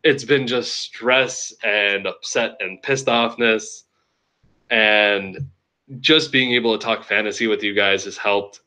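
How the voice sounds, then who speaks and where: A man's voice: fairly low pitch, steady tone, slow pace, pushed and bright. A young man hosting a casual fantasy sports recap for his league, loose and joking, rambling with restarts.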